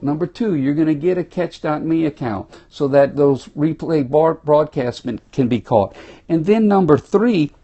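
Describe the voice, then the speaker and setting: A man's voice: a little high, warm tone, lo-fi sound. A man from South Louisiana with a Cajun accent, giving a folksy, exuberant motivational talk to viewers on a phone livestream from a small room. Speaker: motivational speaker. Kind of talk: live-streamed motivational talk.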